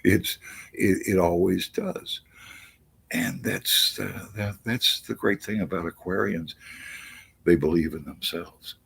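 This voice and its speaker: A man hosting a live astrology chat stream, talking haltingly with many restarts and reading viewer messages aloud. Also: deep voice, vocal fry, a bit bright, slight background noise. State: out of breath.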